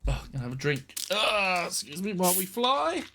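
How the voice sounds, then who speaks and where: A man's voice: high-pitched, sing-song, normal speed, bright, forceful tone. A man streaming a game live, talking in a rambling, self-interrupting casual way. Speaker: gaming streamer.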